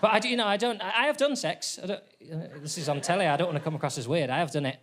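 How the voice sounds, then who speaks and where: This comedian's voice sits high and he races through his set. Performing in a theatre to audience laughter, he keeps his humor dry, wry, and self-mocking.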